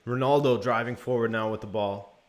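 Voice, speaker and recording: A man's voice: mid-range voice, moderate pace. A young man hosting a live watch-along stream, calling the play and answering chat. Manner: relaxed play-by-play mixed with chat replies. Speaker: live stream host commentating a match.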